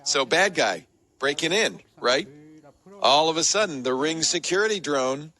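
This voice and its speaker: Bright, joking tech-show man. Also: fairly high pitch, measured pace. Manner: joking, lively storytelling. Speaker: tech podcast host. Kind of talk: casual chat.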